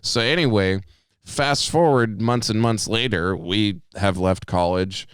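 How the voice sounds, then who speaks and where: Laid-back podcasting man with a low, smooth voice. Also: unhurried, no room sound, clean studio sound. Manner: animated storyteller, swears freely, jumps into high voices quoting people. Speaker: podcast co-host. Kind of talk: casual storytelling chat.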